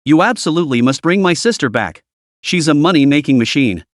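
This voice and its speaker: Bratty young heroine voiced by the male narrator, whiny, lively pitch range. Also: a little fast, no room sound, studio quality. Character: spoiled playful young woman, childish and excitable.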